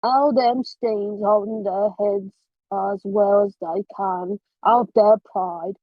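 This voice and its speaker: Woman doing old man in thick dialect, slow, husky, dull dry sound. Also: medium pitch, fairly even intonation, dry recording. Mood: grumbling. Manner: halting, stumbling over dialect words. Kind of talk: amateur read-aloud of a novel.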